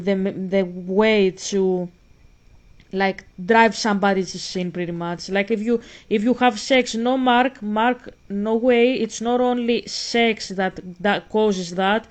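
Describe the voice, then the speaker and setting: A woman from Greece, ranting emphatically in a casual vlog monologue and arguing directly with a critic. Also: medium pitch. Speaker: vlogger.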